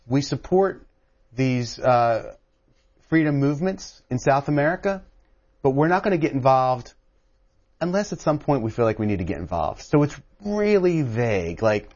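A man who wrote a book, telling a story as a guest on a call-in radio show. He talks in an animated way and keeps restarting his sentences. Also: medium pitch, moderate pace, dull audio. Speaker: author guest.

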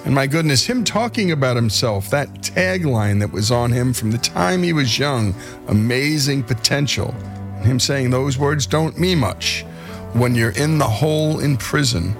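Gravelly radio host man over music. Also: mid-range voice, animated, unhurried. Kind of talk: scripted broadcast narration.

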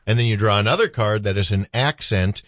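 A man's voice: fairly low pitch, brisk, no echo. A man hosting a morning radio show in the studio, joking and teasing his guests. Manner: jokey, teasing, lively. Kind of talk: playful morning radio banter.

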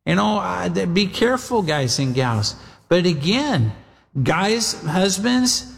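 Rich: A man preaches with a notably high voice, leaning into plain conversational talk, repeating himself and addressing the congregation directly. His words ring out with a long reverb tail, as in a large hall. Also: big pitch swings, takes it slowly, creaky. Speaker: pastor. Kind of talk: sermon.

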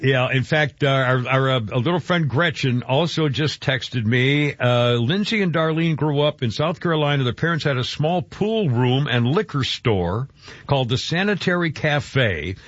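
A man's voice: medium pitch, lively intonation, normal speed, fairly bright tone, no room sound. A man hosting a radio show, chatting in a rambling way and stumbling over his words. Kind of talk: morning radio chat. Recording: dull, dry radio broadcast.

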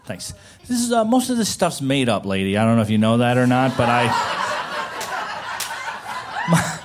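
A man's voice: medium pitch, expressive, normal speed, heavy background noise. A man performing stand-up, telling wry anecdotes. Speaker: stand-up comedian. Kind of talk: stand-up comedy set. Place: comedy club stage.

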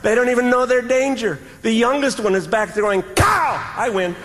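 A man with a high voice tells a stand-up story to a live crowd, stretching words for drama and making noises along the way. His voice rings through a long-echoing hall, and the room's hum runs clearly underneath. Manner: animated, dramatic pauses, sound effects. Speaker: stand-up comedian. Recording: live hall with audience ambience.

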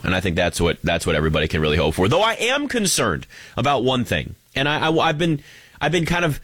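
A man's voice: fairly low pitch, fairly bright tone, no echo. A man giving an opinionated sports talk monologue, wry and joking as he rants. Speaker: sports commentator.

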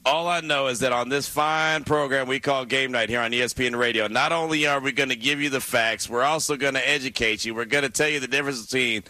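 A man's voice: medium pitch, steady tone, fast, few pauses, pushed and bright, no echo. A man hosting a sports radio show, talking casually and teasing his co-host. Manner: joking, teasing.

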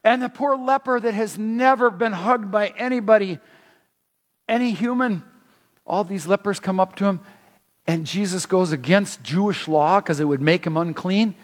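A man preaching a sermon, animated and emphatic, often restarting his phrases. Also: high voice, normal speed, in a large hall.

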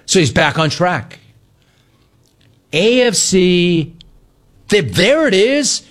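A man's voice: high voice, very animated, slow pace, a bit bright. A middle-aged man hosting a sports talk radio show, riffing sarcastically on callers and the news.

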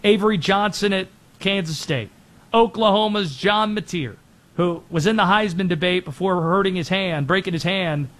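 Hosting a sports talk show, this man has a high, light, fairly bright voice. His commentary is brisk and opinionated as he rattles off a quick list of players and teams.

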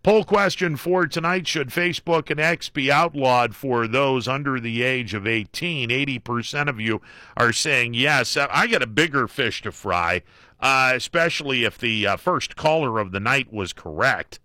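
A man hosting a call-in talk radio show, joking and folksy with plenty of fillers and slow emphasis. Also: mid-range voice, bright, forceful tone, no echo, clean studio sound. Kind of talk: casual talk radio monologue. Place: radio studio. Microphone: studio microphone.

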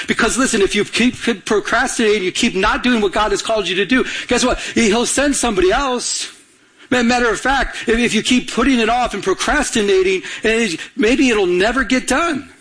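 High, husky-voiced male preacher. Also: fairly quick, a bit bright, rough recording. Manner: urgent preaching with call-and-response questions to the congregation; repeats and restarts words for emphasis. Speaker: pastor. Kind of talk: sermon.

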